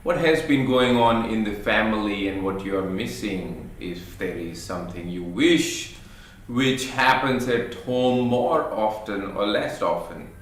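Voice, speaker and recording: A man telling a personal parenting story as a thoughtful reflection, pausing with hesitant fillers. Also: on the low side. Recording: very echoey room.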